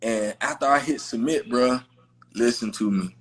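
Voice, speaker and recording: A podcast host with a medium-pitched, slightly rough voice talks at a moderate pace in casual conversation. He's emphatic and heartfelt, using plenty of slangy fillers.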